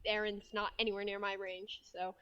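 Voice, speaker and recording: A woman's voice: medium pitch, flat delivery, normal speed, sharp tone, smooth, dry recording, dull audio. A young woman in her twenties streaming a game, giggly, self-mocking and prone to swearing.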